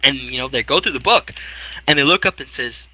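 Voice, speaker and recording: A man's voice: mid-range voice, a little fast, sharp tone, rough recording. A man narrating a tabletop role-playing game as game master, rambling with fillers and restarts.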